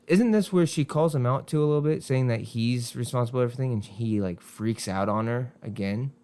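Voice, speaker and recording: A young man co-hosting a casual TV review chat, reasoning through plot points in a relaxed way. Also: mid-range voice, brisk. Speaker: podcast co-host reviewing a TV series.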